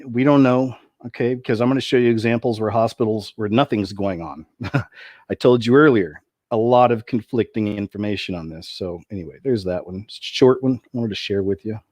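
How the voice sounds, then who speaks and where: A man's voice: on the low side, brisk, darkish tone, no room sound. A man hosting a commentary video, talking in a rambling way with many restarts and asides.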